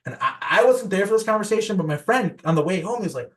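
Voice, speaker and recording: Very animated and high-pitched, this young man from the U.S. races along with few pauses. He's a podcast guest casually spinning conspiracy tales, meandering with lots of fillers and false starts.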